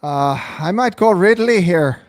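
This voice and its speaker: A man co-hosting a casual sports podcast, giving relaxed picks and short reactions. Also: sits high, unhurried, no room sound, clean studio sound. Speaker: podcast co-host. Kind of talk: casual chat.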